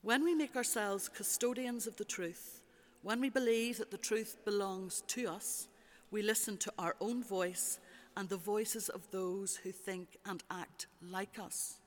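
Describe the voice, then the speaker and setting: A preacher giving a measured, rhetorical sermon with repeated phrases, recorded in a church. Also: mid-range voice. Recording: long church reverb.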